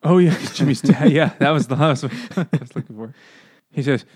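A man's voice: fairly high pitch, fairly quick, a little mellow, husky. A man co-hosting a casual book-club podcast, laughing often and acting out quotes in a raised voice. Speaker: podcast co-host.

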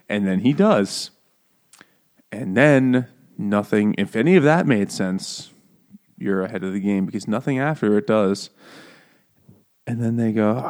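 A man's voice: on the low side, unhurried. A man co-hosting a casual book chat, joking and laughing often as he acts out the characters' lines. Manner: jokey, laughing often, animated quoting of characters. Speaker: podcast co-host.

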